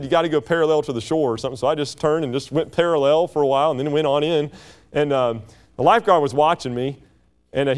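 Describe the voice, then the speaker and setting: A man's voice: on the high side, clean tone. A man preaching a sermon in a folksy, anecdotal way, his voice rising on emphatic lines.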